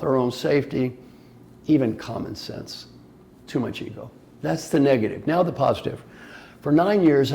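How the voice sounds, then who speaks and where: A man's voice: mid-range voice, gravelly, dark tone, slight background noise. An older man giving a motivational talk as an executive coach, playful and emphatic, firing off rhetorical questions.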